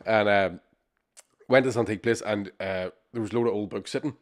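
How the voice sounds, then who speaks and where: Fast-talking man, sweary storyteller. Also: on the low side. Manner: swears a lot, animated anecdotes with voiced quotes. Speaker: podcast co-host. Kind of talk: casual storytelling chat.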